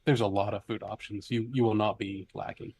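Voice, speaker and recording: A man's voice: on the low side, flat delivery, a little fast, a little mellow. A man in a casual group podcast, upbeat and jokey, telling stories. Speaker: podcast regular.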